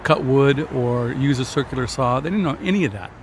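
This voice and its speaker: A man's voice: mid-range voice, a little fast, a little hiss or hum. A man in his fifties, a guitarist guest telling anecdotes in a casual, rambling conversation. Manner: chatty storyteller, jumps between anecdotes. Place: outdoor restaurant patio at night.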